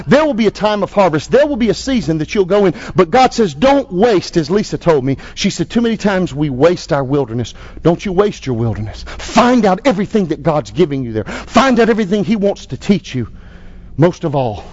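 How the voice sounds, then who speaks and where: A man preaching a sermon and leading prayer, rising to forceful emphasis and dropping to a hushed tone. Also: fairly high pitch. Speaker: pastor. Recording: lo-fi sermon CD recording.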